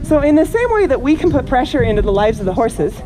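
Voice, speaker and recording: A woman horse trainer teaches a live group while working a horse outdoors. Her voice sits fairly high and moves through a lively range as she coaxes the animal between explanations. Constant outdoor noise sits behind her. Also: fast talker. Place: outdoor horse pen at a camp. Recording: noisy outdoor recording.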